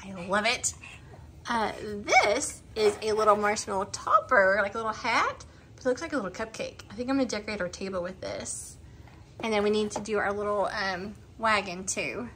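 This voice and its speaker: A woman's voice: mid-range voice, expressive, moderate pace, a bit bright, slight background noise. A woman giving a casual home decor walkthrough outdoors on her front porch. She talks in a chatty, upbeat way and laughs often.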